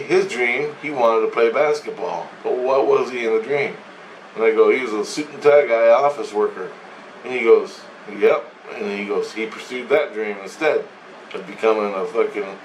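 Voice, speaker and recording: A man's voice: lowish voice, slight background noise. A man casually recounting a dream in a rambling way, often laughing and repeating "he goes" as he retells a conversation. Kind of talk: casual spoken storytelling. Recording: roomy sound, speaker away from the mic, faint ambience.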